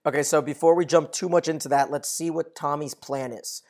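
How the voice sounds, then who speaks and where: A podcast co-host retelling TV scenes in relaxed, chatty talk, laughing easily along the way. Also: medium pitch, a little fast. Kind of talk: casual TV recap chat.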